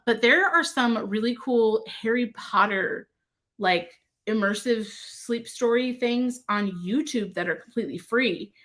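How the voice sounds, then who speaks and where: A woman with a slightly high voice, hosting a relaxed craft livestream. She rambles in a chatty way, trails off into asides and laughs often as she talks to her viewers. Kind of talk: casual livestream chat.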